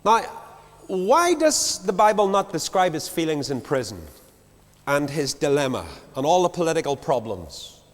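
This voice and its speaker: A man preaching a sermon to a large congregation, swinging from loud declarations to quiet low asides. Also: big pitch swings, moderate pace. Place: large church. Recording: long hall reverb.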